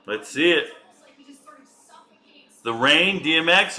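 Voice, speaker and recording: A man's voice: on the high side, expressive, measured pace, long pauses, bright, forceful tone, soft background music. A man casually chatting and joking with his viewers while he reacts live to a fight.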